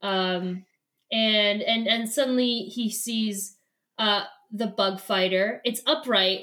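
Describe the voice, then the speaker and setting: A woman's voice: medium pitch, fairly even intonation, slow pace, a bit bright. A woman co-hosting a casual podcast, retelling a book's chapter with playful quoted lines. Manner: retells scenes with playful put-on character lines. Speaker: podcast co-host. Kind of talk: casual book recap chat.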